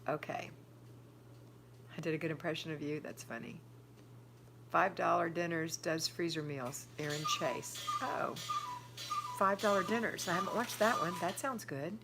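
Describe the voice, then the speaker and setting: A woman's voice: fairly low pitch, moderate pace, gravelly, long pauses, over music. An older woman hosting a live stream, chatting casually, reading out viewer comments and giving firm homemaking advice. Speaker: livestream host answering viewer chat.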